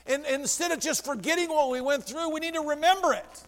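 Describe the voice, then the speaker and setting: A male pastor preaching with a high, ringing voice that swings from near-whispers to shouts. The sound carries a long church reverb around him. His delivery is lively and animated throughout. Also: brisk. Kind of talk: sermon. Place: church sanctuary.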